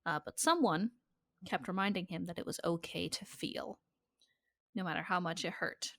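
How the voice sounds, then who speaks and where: A woman's voice: lowish voice, normal speed, creaky, a bit bright. A woman co-hosting a podcast, recapping a TV episode in narrative runs and swearing casually. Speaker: podcast co-host.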